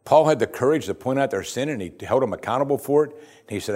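A man preaching a sermon as pastor, earnest and emphatic, often dropping his voice to a hushed close. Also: mid-range voice, lively intonation, fast.

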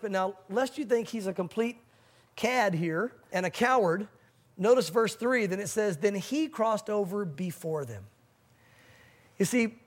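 A man preaching a sermon as pastor, animated and acting out the voices of panicked people. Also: high-pitched.

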